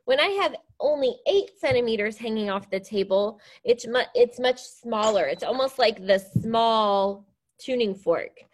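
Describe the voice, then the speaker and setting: A fairly high-voiced woman teaching a science lesson to young students. She explains each step clearly and sounds upbeat and encouraging. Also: unhurried. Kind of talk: classroom science demonstration.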